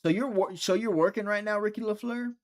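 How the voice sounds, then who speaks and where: A man's voice: sits high, fairly quick. A young man hosting a live fight-watching stream, chatty and teasing, reading viewer chat aloud.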